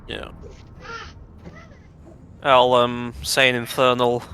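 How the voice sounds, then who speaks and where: Bright-voiced man playing a tabletop game. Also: medium pitch, completely flat delivery, slow, slight background noise. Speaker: player. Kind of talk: casual tabletop game chat.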